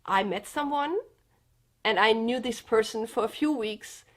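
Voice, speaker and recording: A woman's voice: fairly high pitch, measured pace, a bit bright. A young woman from Germany with a German accent, speaking in an earnest, hesitant way, with fillers and restarts, in a personal confessional vlog. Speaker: vlogger.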